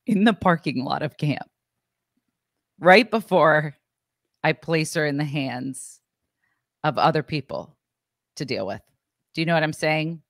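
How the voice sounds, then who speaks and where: Low-voiced woman telling a story. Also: normal speed, dry recording, clean studio sound. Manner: animated, acts out quotes, swears casually. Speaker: podcast co-host. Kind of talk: casual storytelling chat.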